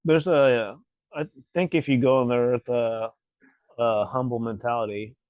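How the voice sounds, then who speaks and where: A man's voice: mid-range voice, steady tone, a little slow, no echo, muffled recording. A man co-hosting a podcast, speaking in a reflective, hesitant way and searching for his words. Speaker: podcast co-host. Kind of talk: casual chat.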